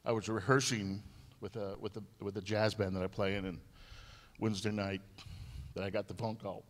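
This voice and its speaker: A man with a somewhat low voice gives a eulogy at a memorial service. He tells stories, repeating phrases and restarting his sentences. His voice rings out with a long reverb in a church hall. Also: steady tone, moderate pace. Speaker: eulogy speaker.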